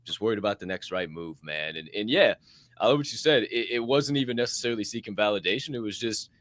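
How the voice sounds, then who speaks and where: A man's voice: lowish voice, expressive, fast, a bit bright, no echo. A man co-hosting a motivational podcast, swearing freely and talking in a hyped-up way. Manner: profane, hyped, acts out quoted voices. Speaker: podcast co-host. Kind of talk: motivational casual chat.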